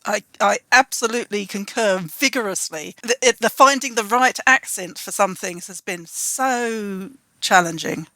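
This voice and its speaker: A woman publisher chatting casually and telling stories with lively, hesitant restarts. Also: medium pitch, a little slow, few pauses, no echo. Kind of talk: casual conversation.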